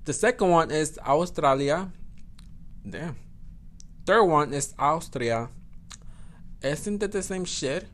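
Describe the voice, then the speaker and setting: A man's voice: fairly high pitch, animated, slow, long pauses, fairly bright tone. A man hosting a solo podcast, chatting casually, swearing often and correcting himself as he goes. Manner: profane, code-switches into Spanish, self-correcting. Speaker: podcast host.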